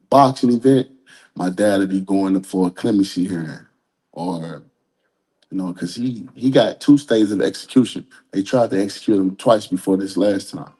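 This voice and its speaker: Mellow low-voiced man, candid and rambling. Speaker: interview guest. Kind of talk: casual interview talk.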